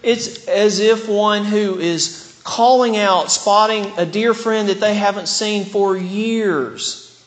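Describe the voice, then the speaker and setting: Slow preacher in a reverberant hall. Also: male voice, sits high. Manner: earnest, with frequent word restarts. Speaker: pastor. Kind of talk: sermon.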